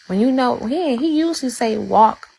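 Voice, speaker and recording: A woman's voice: mid-range voice, fairly even intonation, moderate pace, vocal fry, darkish tone. A woman fervently sharing a religious testimony, preaching and repeating phrases for emphasis. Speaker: guest.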